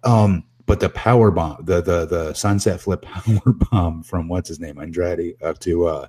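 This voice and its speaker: Husky, very low-voiced man, emphatic wrestling panelist in casual chat. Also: moderate pace. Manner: emphatic, animated, repeats words.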